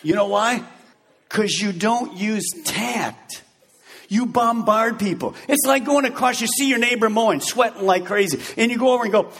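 Animated, husky-voiced male preacher. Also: sits high, normal speed, in a large hall. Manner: animated and joking, acting out scenes. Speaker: pastor. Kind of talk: sermon.

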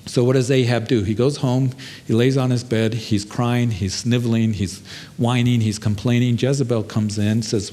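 Brief: male pastor, earnest sermon storytelling, mid-pitched voice, long hall reverb. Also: normal speed, dark tone. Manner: earnest storytelling, shifting pace, frequent fillers.

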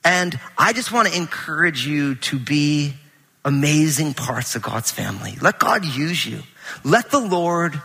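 A middle-aged man preaching a conversational sermon in a large church auditorium, animated and full of anecdotes with quoted dialogue. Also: on the high side, measured pace, vocal fry, slightly rough, in a large hall. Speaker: pastor.

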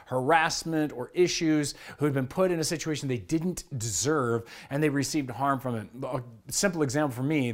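Energetic middle-aged male pastor preaching. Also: fairly high pitch. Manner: energetic, conversational, acts out his kids' whiny voices. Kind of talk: sermon. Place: church.

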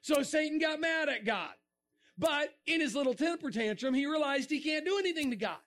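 A middle-aged man giving a lively creationist talk to a young audience, joking and asking the crowd questions. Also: extremely high pitch, fairly quick. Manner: animated, asks the crowd questions, jokes. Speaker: creationist speaker.

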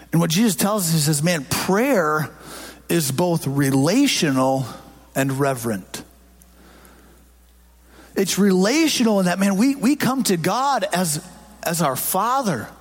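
A man preaching a sermon to a congregation in a church, talking in a conversational way and joking with the crowd, on a handheld microphone. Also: on the high side. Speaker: pastor. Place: church sanctuary before a congregation.

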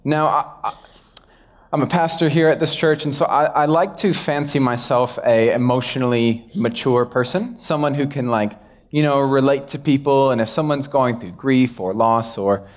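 Speaking at a normal speed in a medium-pitched voice, a young male pastor delivers a laid-back sermon. He pokes fun at himself and performs the quoted back-and-forths in character.

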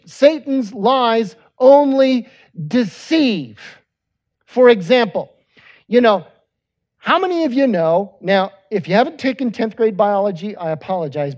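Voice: mid-range voice, a little mellow. A pastor preaching a conversational sermon with joking asides.

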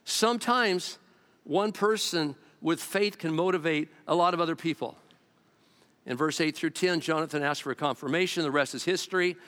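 Animated preacher in a reverberant hall. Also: male voice, a little high. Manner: animated storytelling, acting out quotes in varied voices. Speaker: pastor. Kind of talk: sermon.

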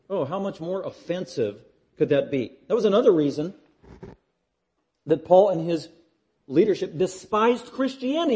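Guy preaching a sermon, mellow warm voice, pitched a bit high, gets loud then drops real quiet. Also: expressive, normal speed. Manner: emphatic, building repetition, swings from loud to hushed. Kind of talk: expository sermon.

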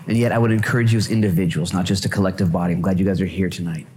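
A male pastor preaching a lively sermon at a church service, joking and repeating phrases for emphasis. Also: deep voice, rapid-fire.

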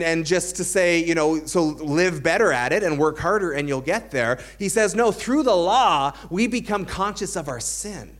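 A man's voice: sits high, fairly bright tone. A man preaching a sermon as a pastor, earnest, building to emphatic points, with dry self-aware humor.

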